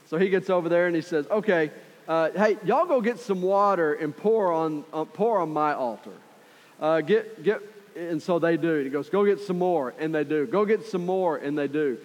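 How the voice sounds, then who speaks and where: A man preaching a sermon in a conversational, storytelling way. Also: fairly high pitch. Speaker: pastor. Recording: long hall reverb.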